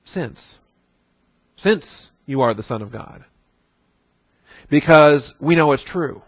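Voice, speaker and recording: A man's voice: a little high, lively intonation, takes it slowly, no room sound, highs cut off. A man giving a conversational, emphatic sermon-style Bible lesson with frequent restarts. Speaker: Bible teacher.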